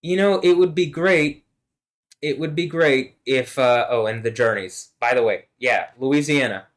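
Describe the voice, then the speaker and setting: A man's voice: medium pitch, unhurried. Rambling, profane man vlogging alone. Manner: rambling, profane, swings between mumbling and loud laughing. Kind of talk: rambling monologue.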